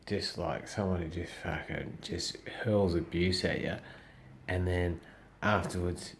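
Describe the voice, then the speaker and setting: A man's voice: sits low, fairly even intonation, measured pace, a little hiss or hum. A man with an Australian accent talking casually to camera in a blunt, profane way, acting out the voices of people he quotes. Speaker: social media personality.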